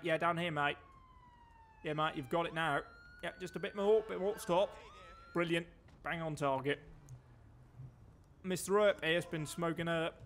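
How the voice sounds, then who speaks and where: Chatty British man with a slightly high voice. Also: a little hiss or hum. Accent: British English. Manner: chatty, dry and wry asides. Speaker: streamer. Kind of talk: live gameplay commentary.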